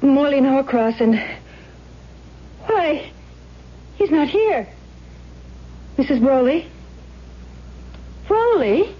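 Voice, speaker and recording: An actress playing a curious, stubborn young tenant who questions and accuses in a 1970s radio drama. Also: female voice, sits high, expressive, drawn-out words, pauses often, dull audio, exaggerated voice. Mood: probing. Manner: curious, then probing and accusing.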